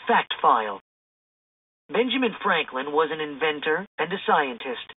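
A woman reading a children's storybook aloud in an expressive, lively way. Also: sits low, unhurried, slightly rough. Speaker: storybook reader. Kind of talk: children's book read-aloud. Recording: tinny phone-like sound.

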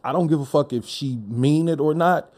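A man's voice: fairly high pitch, normal speed, darkish tone. A man from Detroit with a Detroit accent, hosting a podcast and giving his opinions in a blunt, profane, emphatic monologue. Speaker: podcast host.

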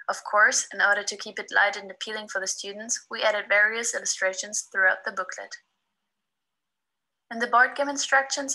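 Woman with a very bright, sharp voice. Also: mid-range voice, low-quality recording. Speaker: design student presenting a project. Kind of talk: scripted presentation narration.

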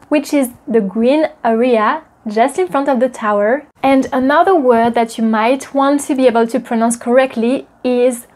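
A woman with a French accent teaching pronunciation, drilling words slowly syllable by syllable. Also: a little high, darkish tone. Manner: slow careful drills, repeating words syllable by syllable. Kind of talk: pronunciation lesson.

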